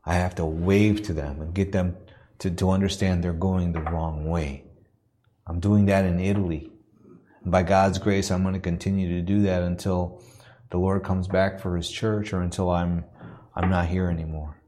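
Speaking in a church, a deep-voiced missionary preacher begins his personal story earnestly in halting phrases and then builds a rhythmic cadence. His pitch barely moves and his tone is mellow, with a little hiss or hum in the audio.

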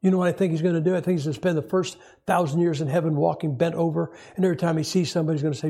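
Husky storytelling preacher man. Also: a little high, very fast, hardly any pauses. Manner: storytelling preacher, animated and wry. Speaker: pastor. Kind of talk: sermon.

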